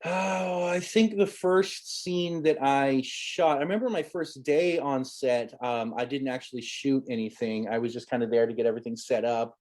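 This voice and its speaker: A man's voice: medium pitch, normal speed, hardly any pauses, darkish tone. A man in his thirties, a guest telling stories from his childhood acting days in a rambling, amused way with many restarts. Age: 30s. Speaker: guest, former child actor. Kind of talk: casual storytelling interview.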